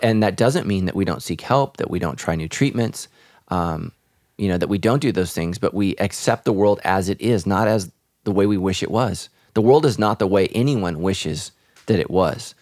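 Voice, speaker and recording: A man's voice: sits low, darkish tone, dry recording, clean studio sound. A man, a pastor, speaking earnestly and reflectively in a podcast conversation about faith.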